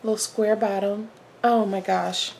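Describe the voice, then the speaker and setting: A flosstube host with a gravelly, mid-pitched voice chats unhurriedly through a craft haul at home, excited and gushing, sometimes dropping into a hushed whisper. Faint noise sits under the camera mic in this casual haul vlog.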